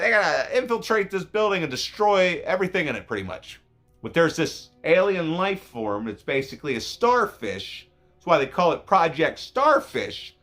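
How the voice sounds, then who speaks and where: Man, casual film reviewer, profane and rambling, bright tone, faint music bed. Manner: profane, rambling, self-interrupting; voice jumps high when emotional. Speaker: movie reviewer.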